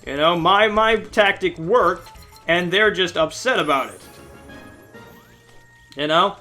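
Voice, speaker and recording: A man giving casual, rambling game commentary, ranting and scolding in an animated way. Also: high voice, slow pace, soft background music. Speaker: let's-play host.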